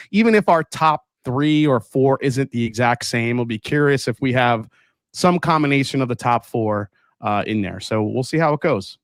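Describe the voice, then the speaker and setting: Recorded cleanly in studio quality without echo, a man with a mid-range voice hosts a relaxed livestream tasting. He stays upbeat, calling out viewers by name and reading their comments.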